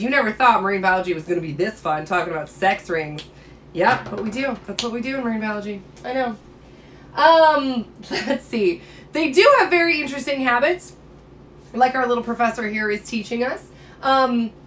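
A woman's voice: fairly high pitch, fairly bright tone, slight background noise. A woman biology teacher giving a casual, enthusiastic and playful lecture.

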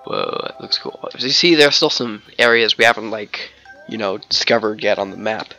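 A man's voice: lowish voice, fairly quick, sharp tone, muffled recording, faint music behind. A man narrating his gameplay in a casual, rambling way, full of "like" and restarts, with jokes and snatches of song. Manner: jokey, breaks into snatches of song and silly voices. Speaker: let's play host.

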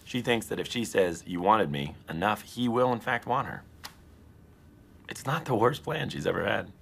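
Sitcom aside: wry, gravelly young male office worker, flat and deadpan. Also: lowish voice, normal speed, a little hiss or hum. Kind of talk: sitcom talking-head aside.

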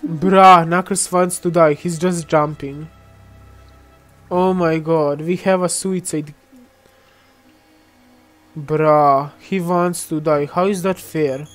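A woman's voice: low voice, fairly even intonation, slow, pauses often, soft background music. A young woman giving casual, chatty gameplay commentary, often giggling and teasing other players. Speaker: gamer.

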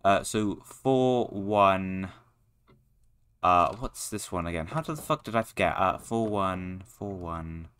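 A young man giving foul-mouthed, excitable commentary while playing a horror game, yelling at what scares him. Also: deep voice, slow pace, clear, resonant tone. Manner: swearing, excitable, shouting at the game. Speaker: gaming YouTuber.

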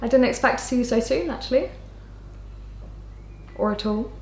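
An actress playing a wry, evasive young patient. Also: female voice, on the high side, darkish tone, roomy sound, slight background noise, lightly acted. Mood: guarded, wry. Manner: wry and deflecting, quick comebacks. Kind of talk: screen drama acting.

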